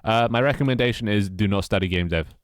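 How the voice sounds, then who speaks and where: A young man with a British accent talks loosely and wryly as he works through tasks on his game. His voice sits low, and the sound is dry and close, with no room echo. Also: fast talker. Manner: rambling, wry, self-mocking. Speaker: game developer streamer. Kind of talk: casual live-stream chat while working.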